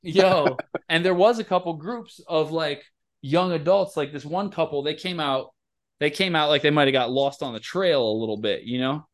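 A fairly high-voiced man tells rambling stories in a loose, casual podcast chat. He swears freely and keeps an animated, joking energy. The delivery is conversational and easygoing. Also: normal speed. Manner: profane, animated storyteller. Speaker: podcast host.

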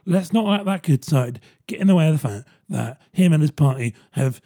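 A man's voice: a little high, animated, normal speed, dark tone. A man hosting his own podcast in a rambling, sardonic monologue, swearing freely. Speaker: podcast host. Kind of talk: casual solo podcast monologue.

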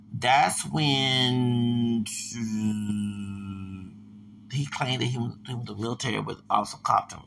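Gravelly, tense-voiced man in his 40s; rambling solo podcast, lots of restarts. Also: mid-range voice, a bit bright, a little hiss or hum. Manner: digressive, repetitive, stumbling restarts.

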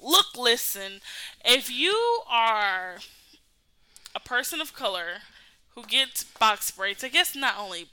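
A woman's voice: fairly high pitch, very animated, takes it slowly, bright, forceful tone, smooth, low-quality recording. A young woman co-hosting a podcast, chatting casually with lots of laughter and teasing. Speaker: podcast co-host. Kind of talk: casual chat.

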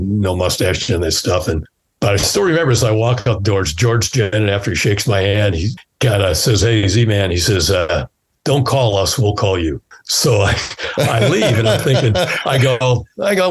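A man's voice: fairly low pitch, normal speed, slightly rough. A man in his sixties, a former fighter pilot, telling stories casually in an interview and acting out the dialogue. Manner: animated storyteller who acts out quoted dialogue.

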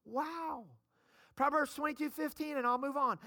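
A middle-aged woman pastor preaching a sermon, calling on the congregation to shout amen. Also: sits high, lively intonation, normal speed, no echo, studio quality. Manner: preaching, calls for amens from the congregation.

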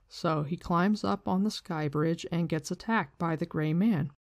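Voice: mid-range voice, a little slow, vocal fry, no echo. A book-discussion host retelling a story in a loose, slangy way with some swearing, switching into reading passages aloud.

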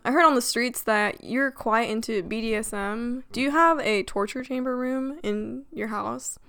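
A woman's voice: fairly high pitch, pushed and bright, smooth. A woman playing interviewer in an improvised comedy skit, teasing and playful. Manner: playful, teasing, quick to laugh. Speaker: mock interviewer.

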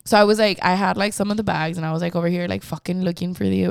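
A young woman, telling a story in casual chat, animated and swearing, peppering her talk with "like". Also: on the low side, rapid-fire, gravelly, clean tone, no room sound. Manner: animated, swearing, heavy use of "like", slips into Spanish.

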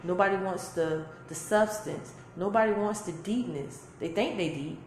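A woman's voice: medium pitch, normal speed, slight background noise. A woman, giving an emphatic, preachy spiritual talk full of repeated phrases. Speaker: spiritual teacher. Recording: echoey room with faint music.

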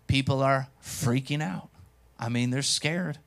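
A pastor preaching a sermon, telling stories with animation and speaking directly to the congregation. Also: male voice, medium pitch, measured pace. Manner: animated storytelling, acts out quotes. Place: church.

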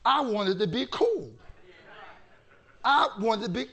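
A male pastor preaching a sermon with animated storytelling that bursts into shouting. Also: very high-pitched, slow pace, vocal fry.

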